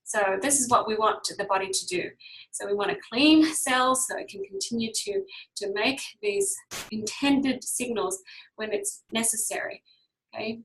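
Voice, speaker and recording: Woman health teacher, bright sharp tone, casual explainer who keeps checking in with listeners. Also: on the high side, very animated, normal speed, rough recording. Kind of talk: casual online class.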